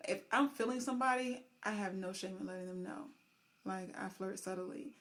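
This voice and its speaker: A woman's voice: medium pitch, brisk, fairly bright tone. A woman co-hosting a podcast, talking candidly and frankly in casual conversation. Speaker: podcast co-host. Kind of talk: casual chat.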